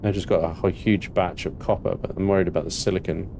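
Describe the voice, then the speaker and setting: A man with a West Country English accent giving relaxed, muttering gameplay commentary, thinking aloud as he plays. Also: low voice, quick pace, gravelly, a little hiss or hum. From West Country of England. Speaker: gaming youtuber.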